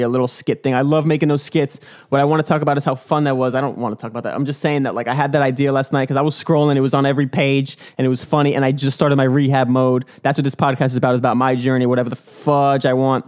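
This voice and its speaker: A man's voice: mid-range voice, level tone, racing, hardly any pauses, a little mellow, smooth. A young man hosting his own dunk podcast, talking casually in a hyped, joking, swearing bro manner. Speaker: dunk vlogger and podcast host. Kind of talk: casual rambling podcast monologue.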